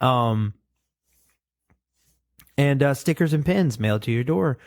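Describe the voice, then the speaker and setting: A man co-hosting a casual podcast, chatting in a relaxed way and reading out the show's plugs. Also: mid-range voice, slow, dry recording, clean studio sound. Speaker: podcast co-host. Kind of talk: casual chat.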